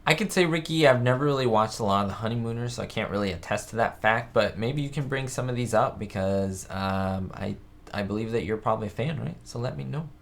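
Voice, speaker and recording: A man's voice: mid-range voice, quick pace, creaky, fairly bright tone. A man hosting a casual live-stream chat, talking in a rambling, chatty way and reading viewer comments aloud. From United States. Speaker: host of a live chat show. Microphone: webcam setup.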